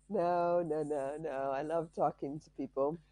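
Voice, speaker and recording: A woman's voice: low voice, dark tone, dry recording. A woman hosting a podcast in casual chat, playful and joking, her voice a little tired. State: voice tiring. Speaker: podcast host.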